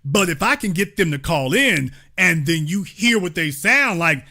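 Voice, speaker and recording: Male call-in host, high and lively voice, bright edge; emphatic, mocking, repeats lines for punch. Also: moderate pace, few pauses. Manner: emphatic, mocking, preacher-like repetition. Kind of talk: live call-in show commentary.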